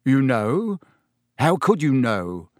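A man voicing an anxious middle-aged wizard father who speaks low and tense in a storybook reading. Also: sing-song, slow, no echo, studio quality.

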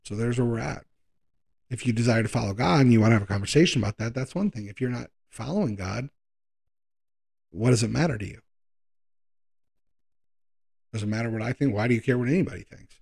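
A man preaches in a relaxed, conversational way. His voice is gravelly and husky, and he sits at a middle pitch. He drags out key words for emphasis and hurries through quick asides. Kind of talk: sermon.

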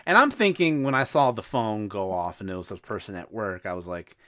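Podcast host guy rambling through a story, loud and swearing, acts out what people said. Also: fairly low pitch, a little fast. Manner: animated, swears freely, acts out quotes. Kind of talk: casual storytelling chat.

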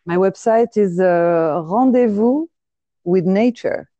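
A woman from France with a French accent, French her first language, talking on a phone call in a relaxed, easily amused way with hesitant fillers. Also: medium pitch, takes it slowly, no echo. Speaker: podcast host. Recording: dull dry phone line.

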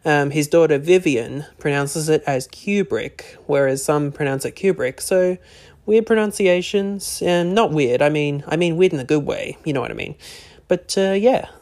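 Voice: medium pitch, normal speed, darkish tone. A podcast host talking alone in a casual, rambling way, with many "you know" and "uh" fillers. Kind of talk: casual solo podcast talk.

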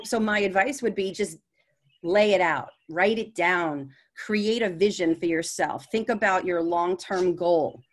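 A woman with a New York accent talks through her advice as a podcast guest. She is earnest and candid and often repeats a word while she finds the phrase. Her voice sits at an ordinary middle pitch. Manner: earnest, repeats words when searching for phrasing. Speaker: podcast guest, sales coach. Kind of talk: candid interview conversation.

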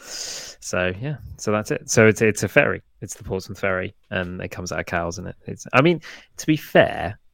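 Deep, gravelly laid-back man. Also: expressive, normal speed, fairly bright tone, dry recording. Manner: laid-back, wry, laughs often. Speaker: podcast co-host. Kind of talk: casual podcast chat.

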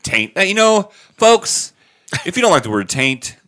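Slow-talking man hamming it up. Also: sits high, big pitch swings. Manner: hammy, joking delivery. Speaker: podcast co-host. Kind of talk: casual chat and karaoke singing. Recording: loud karaoke backing track.

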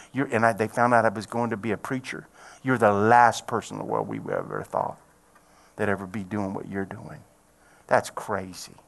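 Emphatic older pastor preaching. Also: male voice, on the low side, creaky. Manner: emphatic, swings from hushed near-whispers to loud cries. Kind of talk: sermon with personal testimony.

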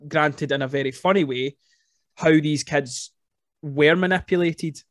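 Male podcast host, upper-register voice, casual and excitable, rambling delivery with loose swearing, close dry sound. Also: fairly high pitch, unhurried, dry recording. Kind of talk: casual film chat.

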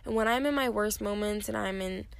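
A woman's voice: medium pitch, fairly quick, vocal fry, clean tone, dry recording. A young woman hosting her own podcast, talking candidly and rambling with many fillers, tired and yawning. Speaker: podcast host. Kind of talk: casual solo podcast talk.

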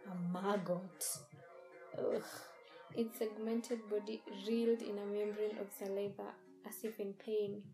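A woman reading a first-person horror story in a measured, dramatic storytelling manner. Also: medium pitch, monotone, over music, rough recording. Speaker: narrator.

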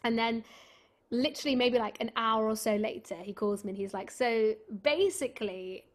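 A young woman, a stage actress, telling a story in a casual interview, chatty and animated, full of filler words. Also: fairly high pitch, moderate pace.

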